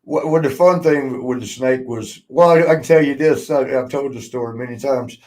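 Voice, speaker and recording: A man in a casual podcast chat, spinning old stories with frequent laughter and plenty of swearing. His pitch sits in an ordinary middle range, and he slips into the voices of the people he quotes. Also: moderate pace, a little mellow, poor audio. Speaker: podcast host, former wrestler.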